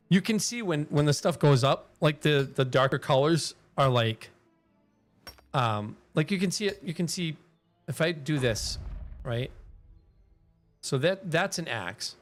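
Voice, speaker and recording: A man's voice: a little high, lively intonation, measured pace, long pauses, faint music behind. Rambling man streaming a game. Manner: rambling, swears freely, laughs often. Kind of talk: casual live-stream commentary.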